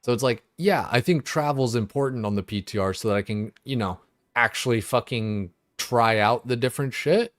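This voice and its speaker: A man's voice: medium pitch, moderate pace, no room sound, studio quality. A young man streaming games, ranting in a loose, exasperated way, full of swearing and filler words. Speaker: gaming streamer. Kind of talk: casual livestream rant.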